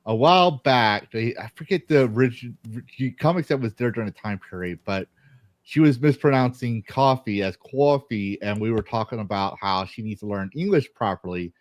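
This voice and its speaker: A man's voice: lowish voice, brisk, no room sound. A man from Texas hosting a casual chat, telling rambling, joking stories.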